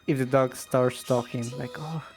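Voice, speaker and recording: A woman's voice: extremely low pitch, fairly even intonation, moderate pace, a little mellow, faint music behind. A woman co-streaming a game, wry and laughing often. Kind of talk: casual gaming chat.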